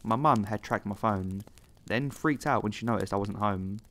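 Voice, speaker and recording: A man narrating horror stories from a script. His voice sits low and his reading stays calm and steady. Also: moderate pace.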